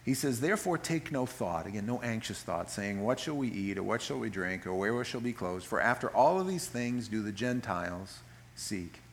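A man preaching a sermon in an animated, folksy way, reading scripture slowly and solemnly between joking asides. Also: lowish voice, a little hiss or hum. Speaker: pastor.

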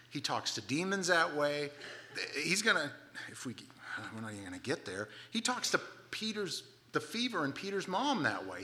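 Animated, bright-voiced male preacher. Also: sits high. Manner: animated, emphatic, conversational. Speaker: pastor. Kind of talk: sermon.

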